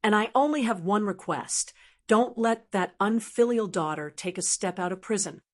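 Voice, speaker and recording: A woman's voice: medium pitch, moderate pace, lightly acted. Woman reading a sinister scheming father. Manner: gritted-teeth, pleading then menacing. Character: scheming bitter middle-aged father, sinister. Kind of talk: audiobook character reading.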